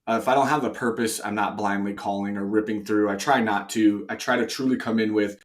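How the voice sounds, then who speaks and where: A man's voice: fairly low pitch, fairly even intonation, brisk, hardly any pauses. A man talking casually as a guest, coaching on sales calls with a conversational, filler-heavy manner. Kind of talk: casual chat.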